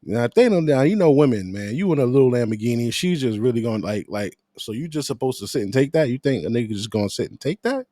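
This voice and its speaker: A man's voice: medium pitch, expressive, quick pace, hardly any pauses, warm tone, no echo, studio quality. A man hosting a reaction commentary, blunt and crude with heated asides. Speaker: reaction host.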